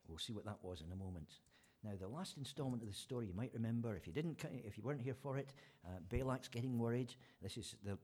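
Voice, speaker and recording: A man's voice: mid-range voice, a little mellow, husky. A man preaching an informal sermon, retelling a story in a chatty way with fillers and restarts.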